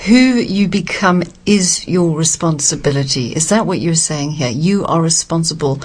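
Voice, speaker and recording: A woman interviewer asking polite, brisk questions and closing the chapter. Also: sits low, slightly rough.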